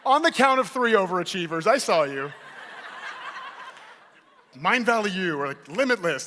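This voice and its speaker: High, bright-voiced joking man on stage. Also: moderate pace, pauses often, a little hiss or hum. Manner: joking, teasing and energetic. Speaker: keynote speaker. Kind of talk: playful stage talk to a live audience. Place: large hall. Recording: hall reverb.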